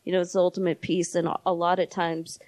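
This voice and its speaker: A woman hosting a podcast, chatting casually and telling a lively story, acting out quoted voices and laughing often. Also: fairly low pitch, fast, no echo. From lives in New Mexico. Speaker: podcast host. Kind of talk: casual interview chat.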